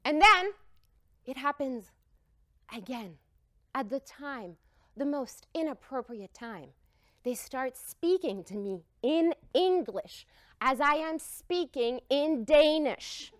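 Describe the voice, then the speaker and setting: A woman speaks in a high voice that swoops up and down, and her delivery is emphatic and heartfelt. She tells her story to the room with expressive energy, and the sound is close and dry, with no echo. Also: slow pace. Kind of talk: storytelling talk.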